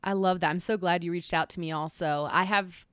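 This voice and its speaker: Smooth-voiced young woman podcast host. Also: fairly low pitch, fairly even intonation, fairly quick, no room sound, studio quality. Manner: warm, chatty, many fillers. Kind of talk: casual interview hosting.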